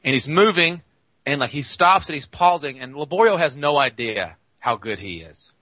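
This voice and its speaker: A man who coaches jiu-jitsu, telling rambling, animated anecdotes in a casual podcast chat. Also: fairly high pitch, normal speed, dry recording.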